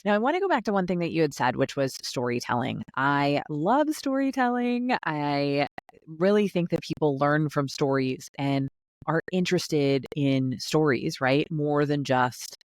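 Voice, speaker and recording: A woman's voice: low-pitched, expressive, measured pace, no room sound, clean studio sound. A woman hosting a podcast interview over a remote call, upbeat and chatty, often checking in with "right?". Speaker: podcast host. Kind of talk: casual interview chat.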